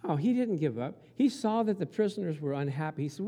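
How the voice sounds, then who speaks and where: A man's voice: on the high side, expressive, fast talker, few pauses, warm tone. A man preaching a conversational sermon, telling a story and asking his listeners rhetorical questions along the way. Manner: chatty, asks the congregation rhetorical questions. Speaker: pastor.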